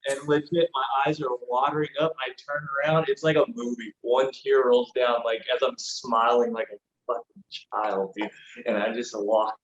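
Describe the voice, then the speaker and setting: A man's voice: medium pitch, normal speed. A man, a former pro wrestler, telling stories casually as a podcast guest, swearing freely and peppering his talk with "like.". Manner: animated, swears freely, lots of "like". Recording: roomy, dull lo-fi sound with faint noise.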